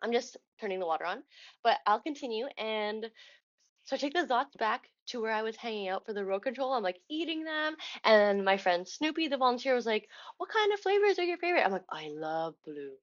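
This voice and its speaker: A woman's voice: a little high, fairly quick, muffled recording. Chatty woman vlogger telling a story. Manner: chatty, animated retelling with quoted dialogue and laughs. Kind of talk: casual storytelling vlog.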